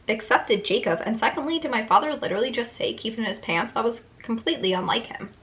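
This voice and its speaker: A woman's voice: a little high, fast, hardly any pauses, fairly bright tone. A young woman reading her old writing aloud, breaking off for wry, self-mocking asides. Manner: breaks off mid-sentence to comment. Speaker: YouTuber.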